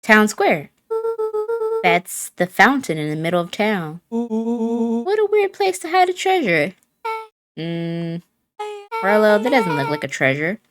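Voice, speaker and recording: Female streamer voicing game dialogue, playful and animated, unhurried delivery. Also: medium pitch, music in the background. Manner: playful, switching voices for each character. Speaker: let's play streamer. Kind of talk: reading game dialogue aloud.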